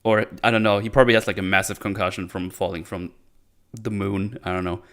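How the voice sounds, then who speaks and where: A man casually recapping a TV episode, sarcastic and swearing a lot, acting out characters in quick silly voices. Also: fairly low pitch, steady tone, fairly bright tone. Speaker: show host. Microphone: desk microphone on an arm.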